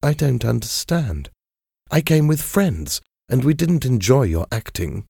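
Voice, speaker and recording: A man reading a story, voicing an angry, proud young gentleman with an indignant, scornful manner. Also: mid-range voice, sing-song, unhurried, creaky, husky, dry recording, studio quality, pitched above the performer's own voice, full character voice.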